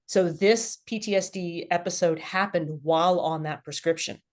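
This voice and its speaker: A woman's voice: fairly low pitch, normal speed. A middle-aged woman, a podcast guest, telling her personal story candidly and with animation. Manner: candid, animated, laughs at herself.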